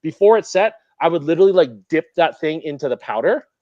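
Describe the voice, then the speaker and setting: A man's voice: a little high, animated, fast talker, a little mellow, dry recording, highs cut off. A man from Canada, a guest in a casual interview, talking animatedly with lots of fillers. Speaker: interview guest, model builder.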